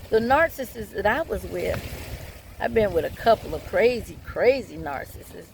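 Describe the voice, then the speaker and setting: A woman with a fairly high voice tells her own story in a blunt, candid way. She swears freely and keeps talking straight to her viewers as she gives advice. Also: darkish tone, slight background noise. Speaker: vlogger giving relationship advice.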